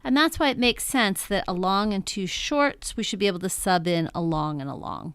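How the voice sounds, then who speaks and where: A woman teaching a lesson in a patient, explanatory way, often pausing to check in with her listeners. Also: mid-range voice, fairly bright tone, clear, resonant tone, no echo. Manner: patient, explanatory, frequent "um" and "okay?" check-ins. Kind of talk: classroom lecture.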